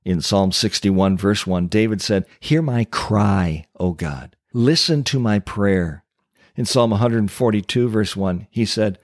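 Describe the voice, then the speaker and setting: A low-voiced man preaching a sermon, leaning hard on key words and pausing for effect. The sound is close and dry, with no room around it. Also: dry recording. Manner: emphatic preaching with dramatic pauses. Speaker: pastor.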